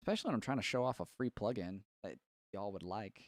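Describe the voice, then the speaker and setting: A man's voice: on the low side, animated, quick pace, very noisy. A man from Tennessee, hosting a casual live stream about mixing and rambling loosely while he fixes his setup. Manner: rambling, distracted while fixing his setup, frequent fillers.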